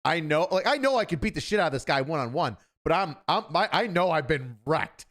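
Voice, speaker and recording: Blunt profane ex-cop host. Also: male voice, a little high, animated, fairly bright tone. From Buffalo, New York area. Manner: profane, blunt, quick with joking asides. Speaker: host, former police officer. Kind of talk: casual storytelling.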